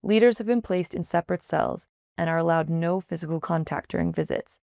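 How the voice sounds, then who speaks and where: Woman reading a report, gravelly low voice. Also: dry recording, clean studio sound. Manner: measured, even read-aloud delivery. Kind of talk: scripted news narration.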